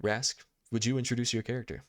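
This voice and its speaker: A man's voice: medium pitch, little pitch movement, quick pace, no room sound, studio quality. A man running a tabletop game as game master, reading scene narration and often stopping to correct himself. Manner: laughs easily, stumbles and corrects himself while reading. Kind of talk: reading tabletop narration and playing side characters.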